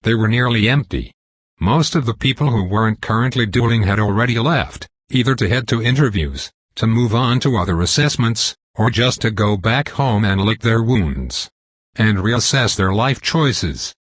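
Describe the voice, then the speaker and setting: Brief: male narrator, low and husky, dry close sound, reading a comic story steadily. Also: animated, normal speed, dry recording.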